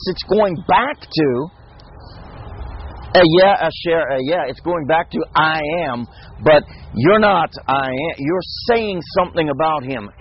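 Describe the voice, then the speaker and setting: A man's voice: fairly high pitch, husky. A man teaching a casual Bible lesson, talking conversationally with restarts and rhetorical questions. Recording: dull lo-fi recording.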